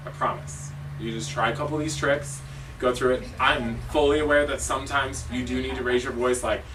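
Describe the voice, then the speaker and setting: A man's voice: medium pitch, fairly quick. Joking man coaching staff from afar. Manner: casual, joking, emphatic. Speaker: cheer coach and judge. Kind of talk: staff training talk. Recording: distant mic with noisy background.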